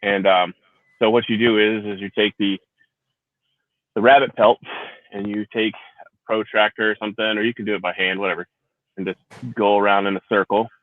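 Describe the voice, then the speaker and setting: A man's voice: lowish voice, flat delivery, normal speed, pauses often, no echo. Rambling, profane veteran man on a tinny line. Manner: profane, rambling, laughs often. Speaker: livestream host, Marine veteran. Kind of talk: casual livestream chat. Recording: tinny phone-like sound.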